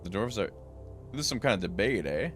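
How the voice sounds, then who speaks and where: A man with a low, deep voice streams a role-playing game and reads its dialogue aloud. He gives the characters different voices and drops dry comments of his own between lines. Quiet game music plays underneath. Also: very animated, brisk. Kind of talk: reading game dialogue aloud with casual asides.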